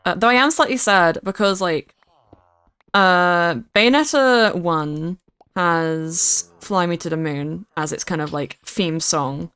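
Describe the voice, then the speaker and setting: A woman's voice: on the low side, takes it slowly, a bit bright, clear, resonant tone, no room sound. A young woman streaming a game, chatting casually and playfully, often repeating words for emphasis. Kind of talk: casual live-stream chat while gaming.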